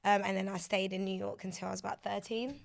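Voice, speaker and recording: Creaky-voiced woman broadcaster. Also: medium pitch, quick pace. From South London, partly raised in Brooklyn. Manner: lively, laughs often. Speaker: guest, broadcaster. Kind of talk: casual interview chat.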